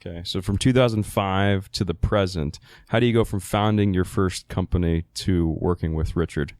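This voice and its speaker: A man hosts a podcast interview, asking his questions loosely and casually. His voice is very deep. The sound is dry, with no room echo. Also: normal speed. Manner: relaxed, informal, brief reactions. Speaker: podcast host.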